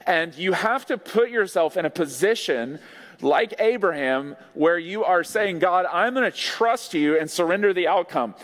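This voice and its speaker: A man's voice: high voice, animated, moderate pace, a bit bright. A male pastor giving an earnest, conversational sermon with playful asides. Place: large church sanctuary. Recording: long church hall reverb.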